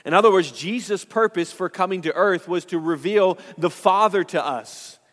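A man with a fairly high voice preaches in a relaxed, conversational way, acting out lines of dialogue as he retells Bible stories. His sermon rings out with a long reverb, as in a large hall. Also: normal speed. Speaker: pastor.

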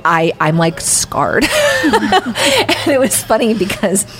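A woman co-hosting a casual podcast chat, telling stories with lively acted-out quotes. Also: takes it slowly. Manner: animated storyteller, acts out quotes with big pitch jumps. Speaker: podcast co-host. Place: restaurant table.

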